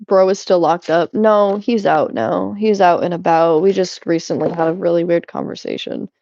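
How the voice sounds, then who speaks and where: A young woman vlogs casually while sorting things at home, rambling and chatty, often breaking off mid-thought and laughing. Her lowish voice is gravelly, mellow and very animated at a moderate pace, and the recording is muffled with no echo.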